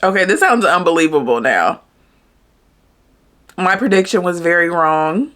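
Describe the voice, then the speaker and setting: A woman's voice: fairly low pitch, animated, a little slow, a bit bright. A woman hosting a reaction video, chatting casually with incredulous asides. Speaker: host reacting to a clip.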